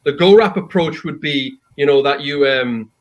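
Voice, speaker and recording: A man hosting a casual panel chat, prompting guests with quick upbeat affirmations. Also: fairly high pitch, highs cut off. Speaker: host.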